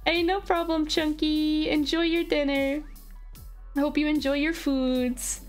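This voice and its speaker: Woman, high voice, excitable game streamer, gushing, faint music behind. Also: measured pace. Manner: gushing, excitable, talks to chat viewers. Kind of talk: live game stream commentary.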